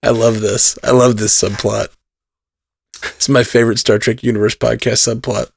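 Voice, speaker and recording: A man's voice: medium pitch, level tone, normal speed, creaky, slightly rough. Laughing, teasing male podcast host. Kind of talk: casual podcast chat.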